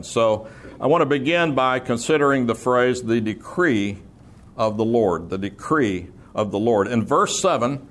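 A man's voice: mid-range voice, fairly bright tone. Man teaching scripture with dry humor. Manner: explanatory, dry humor, emphatic repetition. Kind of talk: expository sermon.

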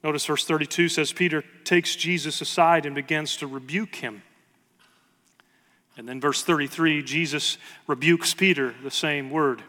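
A man's voice: on the high side, fairly even intonation, normal speed, pushed and bright, in a large hall. A man preaching a sermon with earnest emphasis, reading scripture aloud to his congregation. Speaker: pastor.

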